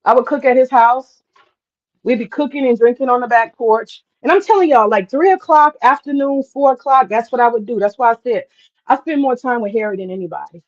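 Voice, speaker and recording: A woman talking casually on a livestream, drawling and animated as she tells a story, with asides to herself. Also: on the high side, fairly quick, lo-fi sound. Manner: animated, drawling, swears casually, mutters to herself while cooking. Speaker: host.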